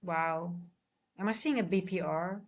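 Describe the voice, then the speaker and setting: A woman's voice: on the low side, unhurried, a little hiss or hum. Dutch woman, trading streamer, loose chatty delivery, reads chat aloud, fixes her own slips mid-sentence. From Netherlands. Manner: chatty, self-correcting, reads and answers live chat.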